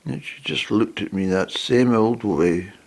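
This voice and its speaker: A man's voice: fairly low pitch, measured pace, gravelly, a little mellow. A man telling a humorous personal anecdote in a rambling way, full of fillers and asides. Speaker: storyteller.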